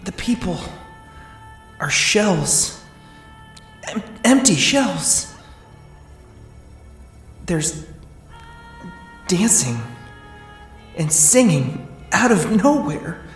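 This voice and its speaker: A performer playing a weary young man under test, talking in a halting deadpan way. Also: medium pitch, soft background music, exaggerated voice. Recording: roomy echo.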